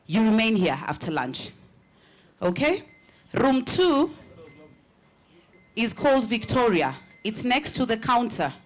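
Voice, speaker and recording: Woman emcee, higher voice, breezy and directive with the crowd. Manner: chatty, joking, directive. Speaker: conference master of ceremonies. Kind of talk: event announcements.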